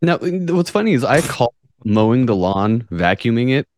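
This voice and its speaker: A man's voice: medium pitch, very animated, normal speed, darkish tone, dry recording, studio quality. Profane joking man reading the news. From United States. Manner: profane, jokey, reads articles with sarcastic asides. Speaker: podcast host. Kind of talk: casual podcast chat, reading news aloud.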